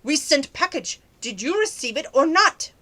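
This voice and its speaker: A pushy male phone scammer, as a woman quotes him while telling a story. He speaks in short, clipped, demanding lines and gets irate. The voice stays fairly bright. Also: on the high side, lively intonation, measured pace.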